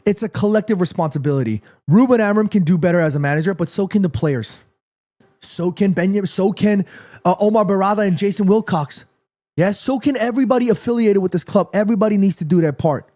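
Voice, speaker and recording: High-voiced heated streamer man. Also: a little fast. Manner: animated, swings from calm to heated rants, swears, reads chat aloud. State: sweaty after the match. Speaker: watchalong streamer. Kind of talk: live football watchalong reacting to chat.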